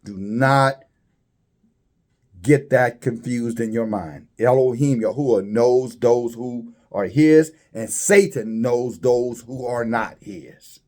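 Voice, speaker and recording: Halting preacher man, rising emphasis. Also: a little mellow. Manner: halting, repeats words, rises high when stressing points. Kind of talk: religious commentary sermon.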